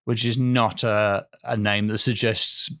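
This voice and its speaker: A man's voice: fairly low pitch, little pitch movement, a little slow, a bit bright, no room sound, studio quality. A man co-hosting a podcast with wry, teasing banter. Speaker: podcast co-host. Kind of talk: casual comedic chat.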